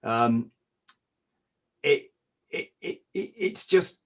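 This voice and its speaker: A man's voice: mid-range voice, lively intonation, drawn-out words. Stammering, sardonic man hosting a podcast. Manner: stammers and restarts, sardonic asides. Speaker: podcast host. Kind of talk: casual podcast discussion.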